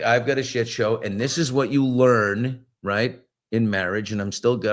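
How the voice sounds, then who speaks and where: A middle-aged man hosting a casual live morning chat, telling lively stories and answering viewer comments. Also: on the low side. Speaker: host.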